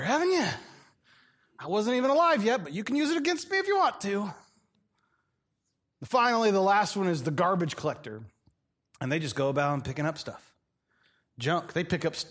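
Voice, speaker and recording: A male preacher giving a humorous, conversational sermon. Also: a little high. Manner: jokey, acts out characters, conversational.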